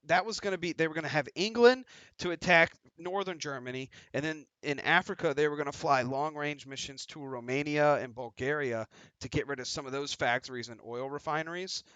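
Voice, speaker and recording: Brief: male stream host, very bright tense tone, dry close sound, jokey and profane. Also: fairly high pitch, normal speed, no echo. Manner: joking, swears freely. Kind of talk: casual chat.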